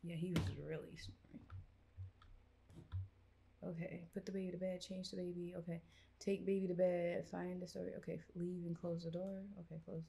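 A woman's voice: fairly low pitch, little pitch movement, moderate pace, vocal fry, slight background noise. Profane, exasperated woman gamer. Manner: loud, profane, exasperated reactions. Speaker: gaming YouTuber. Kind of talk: horror game commentary.

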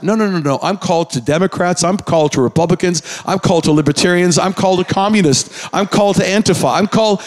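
High-voiced preaching man in a hall. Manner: preaching with call-and-response to the congregation; animated, rising to emphatic high peaks. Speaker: pastor. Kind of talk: sermon. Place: church sanctuary. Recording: long hall reverb.

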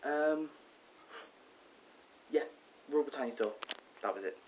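A teenage boy vlogging from his bedroom, rambling excitedly with lots of ums and self-corrections. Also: mid-range voice, slow pace. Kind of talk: casual rambling vlog. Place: bedroom at home. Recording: dull lo-fi with faint hiss.

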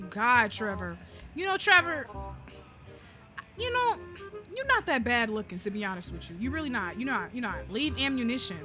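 A woman doing casual let's-play commentary, loud and playful, swearing often and talking to viewers and the game characters. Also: on the high side. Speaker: gaming streamer. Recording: game audio and music behind.

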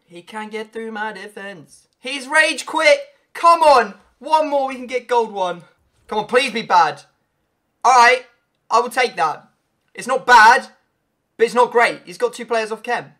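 A young man commentating his own football video game matches, excitable and swinging from frustrated groans to loud cheering. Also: very high-pitched, measured pace. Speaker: gaming YouTuber. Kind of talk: live gameplay commentary.

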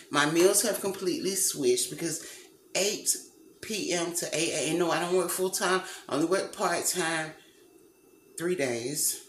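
A woman's voice: low-pitched, a little hiss or hum. A woman chatting casually to her viewers in a vlog, rambling and calling them "y'all", from a kitchen with the lights off. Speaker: vlogger. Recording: echoey room with faint background ambience.

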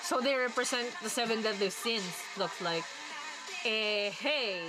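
A woman's voice: fairly high pitch, unhurried, rough recording. A young woman reacting to a music video, gushing and flustered, with music playing behind her. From Canada. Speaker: reaction vlogger.

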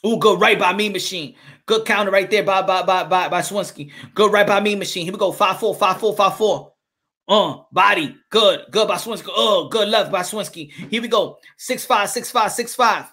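A man calling a boxing fight live as channel host, excitable, repeating his calls and swearing. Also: sits high, normal speed.

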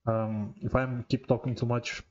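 A man's voice: medium pitch, little pitch movement, normal speed, a little mellow, lo-fi sound, a little hiss or hum. A man hosting a reaction video, chatting casually with tobacco in his mouth, rambling, leaning on "like" and swearing freely.

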